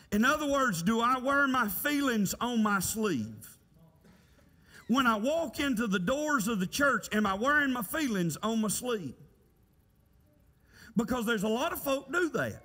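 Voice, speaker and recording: A man's voice: very high-pitched, sharp tone. A middle-aged man preaching a folksy, conversational sermon in a church, asking the congregation rhetorical questions. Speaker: pastor. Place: church sanctuary. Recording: church hall reverb.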